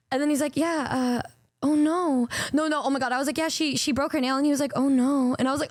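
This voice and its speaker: A young woman VTuber spins stories for her chat in a high, bright-toned voice, stumbling over restarts and swearing freely. The recording is close and dry, with no room sound. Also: dry recording. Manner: animated, swearing, stammering, quick restarts. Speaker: VTuber streamer. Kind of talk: casual storytelling to stream chat.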